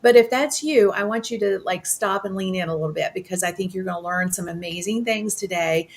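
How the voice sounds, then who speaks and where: A woman's voice: medium pitch, a little fast. A woman hosting a casual interview, enthusiastic and encouraging, turning often to speak to her audience. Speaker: host.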